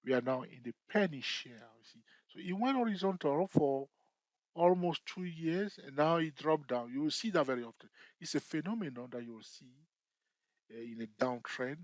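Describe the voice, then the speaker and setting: A man's voice: fairly high pitch, lively intonation, moderate pace, no room sound. Man teaching trading, keeps asking "okay?". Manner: repetitive, checks in with "okay?" and "all right?"; jokey, laughs at himself. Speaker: trading tutor. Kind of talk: screen-share trading lesson.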